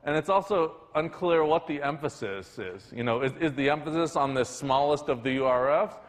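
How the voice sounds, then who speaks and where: A man's voice: a little high, moderate pace. A man giving a university lecture in a conversational way, often restarting his sentences. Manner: conversational, frequent restarts and fillers. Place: lecture hall. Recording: lecture hall with long reverb.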